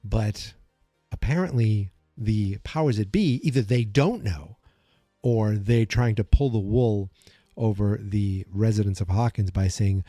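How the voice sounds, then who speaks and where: Male solo podcaster, rambling and speculative, with a mellow tone and faint music underneath. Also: lowish voice, lively intonation, measured pace, no room sound, studio quality. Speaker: podcast host. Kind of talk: casual solo podcast commentary.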